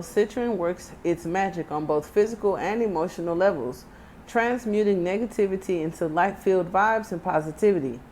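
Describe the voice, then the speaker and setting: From Texas and in her thirties, this tarot reader has a medium-pitched, slightly mellow voice, and a little hiss or hum is audible. She reads the card text aloud in a casual reading, sprinkling in chatty, joking asides with her Texan accent.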